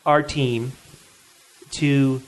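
A man hosting a casual chat, animated and jokey, often quoting characters in put-on voices. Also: medium pitch, very slow. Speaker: podcast host.

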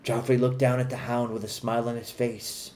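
A man co-hosting a podcast, reading comic fan fiction in a deadpan storytelling voice. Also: medium pitch, brisk, slight background noise. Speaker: podcast co-host.

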